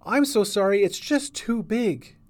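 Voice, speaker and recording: A man voicing a kind young woman cleric who speaks softly and comfortingly in a storybook reading. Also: sits high, expressive, measured pace, no echo, pitched above the performer's own voice. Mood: urgent. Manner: soft, comforting.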